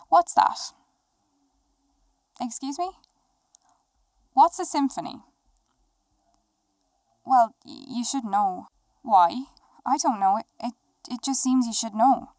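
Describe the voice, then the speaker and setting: A woman voicing a young woman who acts as a teasing talk-show host and interviews herself in an animated film. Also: fairly high pitch, no echo, lightly acted.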